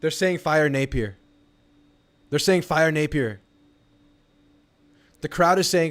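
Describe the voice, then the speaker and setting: A young man hosting a live football watch party, reacting excitedly and ranting with frustration. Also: fairly high pitch, slow pace, pauses often. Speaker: sports channel host.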